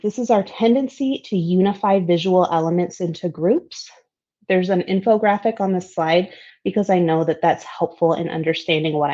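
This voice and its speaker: A woman's voice: medium pitch, darkish tone. A woman giving a recorded slide presentation on design principles. She talks in an upbeat, conversational way and stresses key words. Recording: dull, lo-fi.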